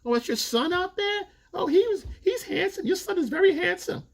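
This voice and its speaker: A man voicing catty, mocking young women at a nightclub in a sugary, fake-sweet falsetto. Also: lively intonation, normal speed, vocal fry, full character voice.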